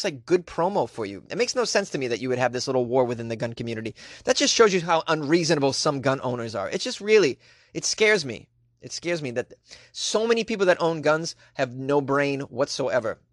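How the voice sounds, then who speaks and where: Joking podcast host in a closet. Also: male voice, mid-range voice, a bit bright, no echo, clean studio sound. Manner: joking, rambling, playfully exasperated. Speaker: comedy news podcast host. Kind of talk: casual comedic monologue. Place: small hot bedroom closet.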